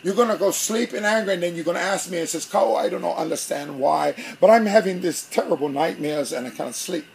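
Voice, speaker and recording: A pastor preaching a sermon, telling a story with animation and acting out both sides of an argument. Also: male voice, high-pitched, fairly quick, gravelly, hardly any pauses, a little hiss or hum.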